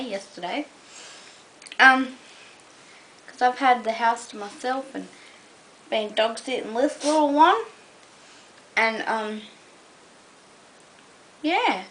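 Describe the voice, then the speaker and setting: Young aussie girl rambling to her webcam, lots of ums and likes, kinda high and bright. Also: a little hiss or hum, rough recording. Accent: Australian. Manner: rambling, full of "um" and "like". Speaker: vlogger. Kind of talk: casual chat to camera.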